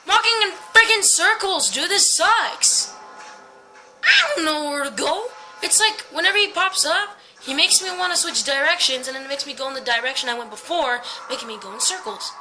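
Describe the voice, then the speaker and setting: A woman's voice: high-pitched, animated, normal speed, bright, forceful tone, poor audio. A woman hosting a horror game let's play, jumpy and panicky, swearing and talking to her viewers. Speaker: gaming channel host. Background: game music.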